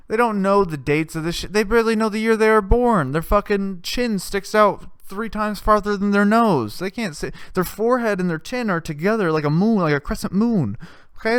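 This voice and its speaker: A man's voice: high-pitched, a bit bright, smooth, dry recording. A man hosting a comedy podcast, talking in a rambling, crude and sarcastic monologue full of swearing. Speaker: podcast host.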